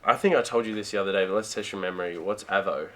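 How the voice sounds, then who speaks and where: A young man with an Australian accent, a college football player chatting casually as a podcast guest, relaxed and quick to laugh. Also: on the low side. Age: young adult. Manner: laid-back, chatty, laughs easily. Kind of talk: casual chat.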